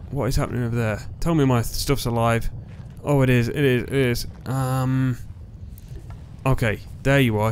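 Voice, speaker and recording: A man commentating his own gameplay, excitable and yelling at setbacks, his voice going hoarse on a close, loud mic. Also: medium pitch, slight background noise. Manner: excitable, yelling when dying in game. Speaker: gaming YouTuber. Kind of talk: let's play commentary. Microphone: close headset or desk mic, loud. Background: faint background music.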